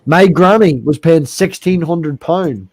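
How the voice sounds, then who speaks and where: A man's voice: fairly high pitch, takes it slowly, a little mellow, slight background noise. A man with a Northern Irish accent telling wry, chatty anecdotes in casual conversation. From Northern Ireland. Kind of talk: casual chat.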